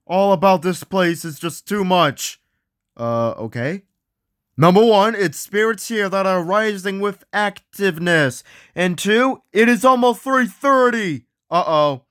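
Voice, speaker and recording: Excitable high-voiced man yelling. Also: smooth, dry recording, clean studio sound. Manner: excitable, often yelling out names. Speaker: ghost hunt host. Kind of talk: acted ghost hunt narration.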